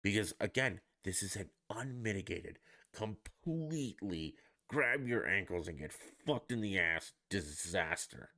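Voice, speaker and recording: A man's voice: on the low side, animated, measured pace, sharp tone. A man hosting his own stream, ranting with profanity and sarcasm in casual solo commentary. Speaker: podcast host.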